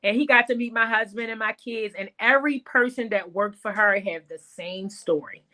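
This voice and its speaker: Salon-owner guest, woman; bright, lively storyteller. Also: fairly high pitch, fairly quick. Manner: animated storyteller, calls the host girl. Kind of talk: casual interview chat.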